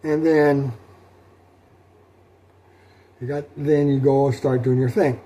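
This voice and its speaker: A middle-aged man talking through his solo tabletop role-playing session in a rambling, halting way, with many fillers and restarts. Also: medium pitch, fairly even intonation, dark tone. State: sleepy, yawning. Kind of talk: rambling casual talk.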